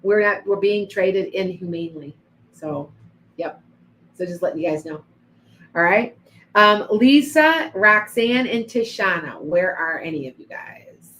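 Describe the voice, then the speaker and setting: A woman's voice: on the low side, expressive, unhurried, a bit bright, slight background noise, rough recording. A woman doing psychic readings on a livestream, chatting to viewers by name with frequent restarts. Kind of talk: live-stream reading and chat.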